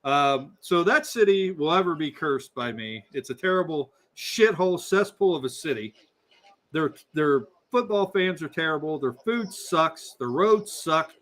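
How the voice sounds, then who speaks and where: A man's voice: fairly high pitch, lively intonation, measured pace, fairly bright tone. A man co-hosting a casual race-watching livestream, talking bluntly and swearing freely as he rants. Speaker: livestream co-host.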